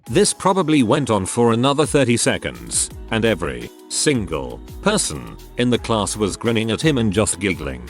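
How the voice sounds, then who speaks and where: Low-voiced man reading stories wryly. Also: normal speed, few pauses, soft background music. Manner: wry, expressive storytelling with joking asides. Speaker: story narrator. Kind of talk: reading online stories with asides.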